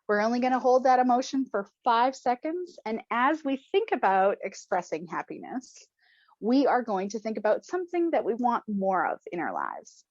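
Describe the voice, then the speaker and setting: High-voiced playful woman coaching an exercise. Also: big pitch swings, moderate pace, no echo, highs cut off. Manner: playful and encouraging, laughs often, bursts into loud cheers and shouts. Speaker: coach leading a stress-release exercise. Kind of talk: guided group exercise instruction.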